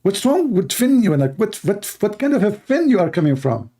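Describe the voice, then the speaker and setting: A man's voice: high-pitched, sing-song, fairly quick, dark tone, husky. Sarcastic man mocking a video. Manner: sarcastic, repeats himself, broken English grammar. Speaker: host.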